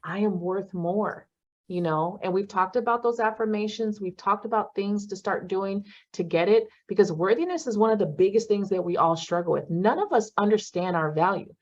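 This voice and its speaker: A woman facilitating a self-help class in casual talk, blunt and profane, with animated bursts. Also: medium pitch, normal speed, highs cut off.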